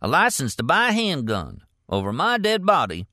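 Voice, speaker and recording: A man voicing a coarse, ranting bigot who talks in a raised, high-pitched voice. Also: sing-song, normal speed, pushed and bright, no echo, studio quality. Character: loud ranting bigoted Southern middle-aged man.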